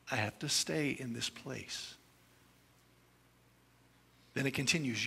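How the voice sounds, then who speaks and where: A man preaching a sermon, moving between hushed scripture reading and forceful exclamation. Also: mid-range voice, slow pace, gravelly, long pauses, slightly rough. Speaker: pastor.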